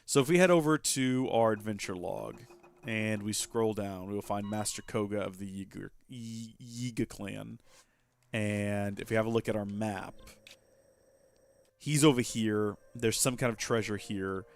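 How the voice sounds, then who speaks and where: A man's voice: lowish voice, measured pace, clean tone. A man hosting a casual gameplay livestream, rambling and self-deprecating as he chats with viewers. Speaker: livestream host.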